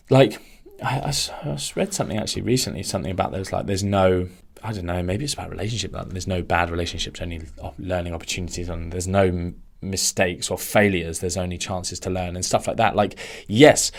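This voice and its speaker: Male podcast host, fairly low voice, casual animated rant full of asides. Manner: ranting, animated, swerving into tangents. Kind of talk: casual solo podcast monologue.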